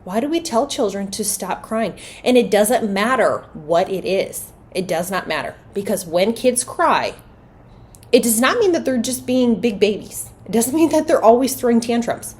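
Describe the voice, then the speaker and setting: A woman's voice: a little high, expressive, moderate pace, darkish tone. A woman hosting a solo podcast on parenting, talking earnestly and conversationally and asking her listeners rhetorical questions. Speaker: podcast host.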